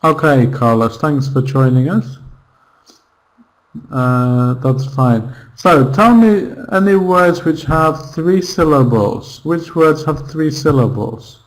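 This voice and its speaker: A man teaching an online English lesson, slowly repeating words and pronunciations for his students. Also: on the high side, rough recording.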